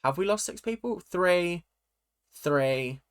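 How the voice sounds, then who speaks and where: A man's voice: sits high, animated, slow, smooth. A man giving a casual, opinionated TV recap, chatty and swearing freely. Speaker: reality TV recap YouTuber. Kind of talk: casual ranting commentary.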